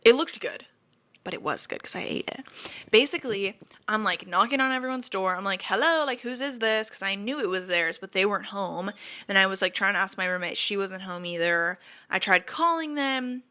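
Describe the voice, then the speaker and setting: A young woman hosting a casual podcast, telling college roommate stories in a chatty, animated way, swearing freely and acting out quoted lines. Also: medium pitch, brisk. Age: young adult. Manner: acts out quoted lines with voices. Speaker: podcast host. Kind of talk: casual storytelling chat.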